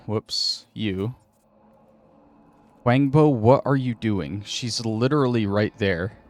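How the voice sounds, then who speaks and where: A man's voice: on the low side, takes it slowly, long pauses. A man hosting a gaming channel, thinking aloud and muttering to himself in casual commentary while he plays.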